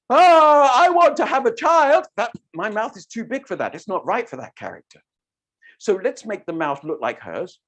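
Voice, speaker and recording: A storytelling teacher leading an online workshop, demonstrating voices and mouth shapes with animated delivery. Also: medium pitch.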